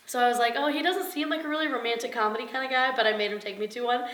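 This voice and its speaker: A woman's voice: fairly high pitch, fairly even intonation, rapid-fire, a bit bright. A woman playing a reporter in a parody interview, gushing and chatty. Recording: echoey room.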